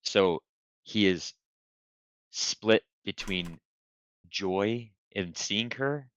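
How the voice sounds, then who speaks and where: A man playing a tabletop game, describing his character's actions and feelings in a thoughtful, measured way. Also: low-pitched, sharp tone, no echo, poor audio. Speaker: player.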